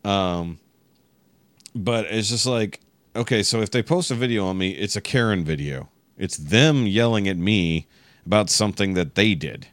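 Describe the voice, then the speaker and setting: A man with a very low voice tells a long, exasperated story on a podcast, cursing constantly as he goes. The sound is dry and close, with no room around it. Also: lively intonation, normal speed, no room sound. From Texas. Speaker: podcast guest. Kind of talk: casual chat.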